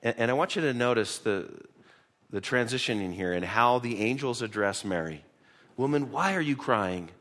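Pastor, male, mid-pitched voice, relaxed conversational sermon delivery with frequent restarts. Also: moderate pace. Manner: conversational, repeats words when restarting, reads scripture aloud. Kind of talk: sermon teaching through a Bible passage.

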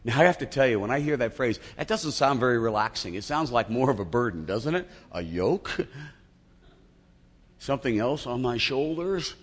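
A man's voice: medium pitch, lively intonation, normal speed, slightly rough, in a large hall. A male pastor preaching a sermon in a church, talking in a conversational, humorous storytelling manner.

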